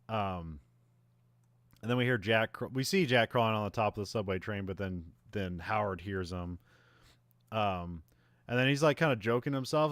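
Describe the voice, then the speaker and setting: A podcast host recapping a film in a casual, rambling way, full of fillers and restarts, laughing at the plot now and then. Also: male voice, fairly low pitch, no echo, studio quality.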